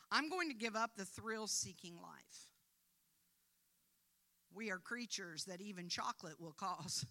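An older woman preaches with a bright, forceful voice. She sinks into hushed, tender pleading, then swells into loud, fervent exhortation. Her delivery stays earnest and direct. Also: on the low side. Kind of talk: sermon.

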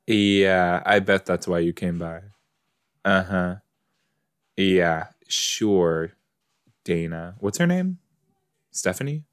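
Podcast guy watching an episode, lowish voice, slow and chatty, talks back at the screen. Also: fairly even intonation, smooth. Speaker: podcast host. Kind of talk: casual watch-along commentary.

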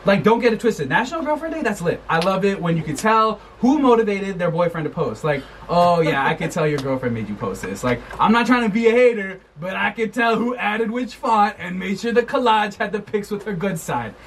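A man's voice: high-pitched, sing-song, fairly quick, few pauses, fairly bright tone. Casual young guy host, playful, voice bouncing all over, bit of faint noise. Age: young adult. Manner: playful, rambling, jokey. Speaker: student podcast host. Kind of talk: casual chat.

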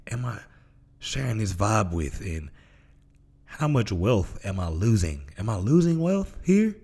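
Speaking in a fairly low, slightly mellow and husky voice, this podcast host from Memphis, Tennessee delivers a casual motivational monologue. He's laid-back and slangy, and he acts out the voices in his stories.

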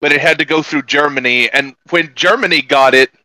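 Bright-voiced, mocking man telling stories. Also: on the high side, fairly quick, no echo, poor audio. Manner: animated storyteller, profane, mocking. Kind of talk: casual political chat.

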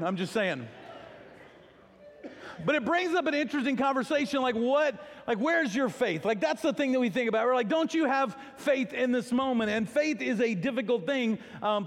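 Higher-voiced male pastor, echoey hall. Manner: casual storytelling, self-deprecating humor. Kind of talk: sermon.

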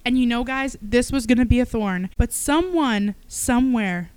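A woman's voice: fairly high pitch, moderate pace, clear, resonant tone, no room sound, low-quality recording. A young woman co-hosting a podcast, telling stories in a casual chat, laughing often and swearing freely. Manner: laughs a lot, swears, animated storytelling. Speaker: podcast co-host.

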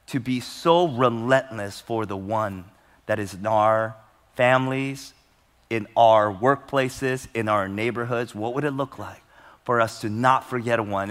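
Male pastor, storytelling sermon, slightly high voice, soft for tender moments, loud for emphasis, long hall echo. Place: large church hall. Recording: long church hall reverb.

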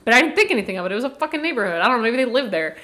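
A woman's voice: on the high side, sing-song, very fast, sharp tone. A woman co-hosting a podcast, telling a story in casual chat and swearing freely. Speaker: podcast co-host.

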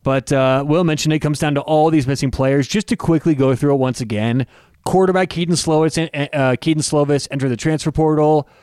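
A man's voice: on the high side, brisk, darkish tone, clear, resonant tone, no echo, clean studio sound. A man co-hosting a sports betting show, running through player stats and picks in a casual, joking way. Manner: listing stats, joking banter.

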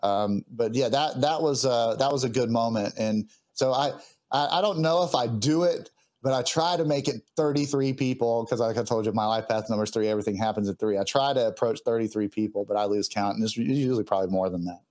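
A man speaks as a podcast guest, his voice pitched in the ordinary middle range. He tells a personal story with open, earnest feeling. He often halts and restarts his sentences as he goes. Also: a little mellow. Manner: earnest, heartfelt, halting with restarts. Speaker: guest musician.

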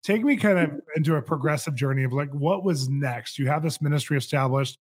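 A man hosting an interview, enthusiastic and quick to laugh. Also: on the high side. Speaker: interview host. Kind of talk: casual interview.

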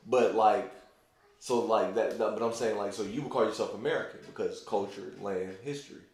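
Man with a low voice in a very echoey room. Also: fairly quick, a little mellow. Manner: loose and rambling, heavy use of "like". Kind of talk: casual conversation.

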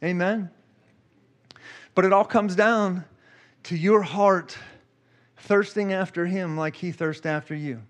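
Male preacher with a high voice, telling an emotional testimony during a sermon. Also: steady tone, takes it slowly, long pauses. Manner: emotional, storytelling, repeats himself.

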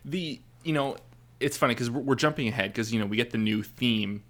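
A man's voice: medium pitch, brisk, fairly bright tone. A man co-hosting a podcast, chatting casually about an anime episode with many fillers and restarts. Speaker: podcast co-host. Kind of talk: casual chat.

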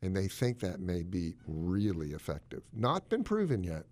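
A man co-hosting a casual chat, explaining health news in a jokey, animated way. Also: moderate pace. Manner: animated, jokey, swoops up in pitch for emphasis.

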